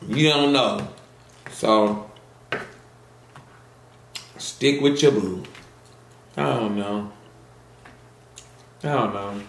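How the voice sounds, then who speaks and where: A man's voice: on the low side, drawn-out words, gravelly, pauses often, roomy sound, a little hiss or hum. A man vlogging to camera in a casual, earnest and encouraging way, repeating phrases for emphasis. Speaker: mukbang vlogger. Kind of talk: heartfelt casual monologue.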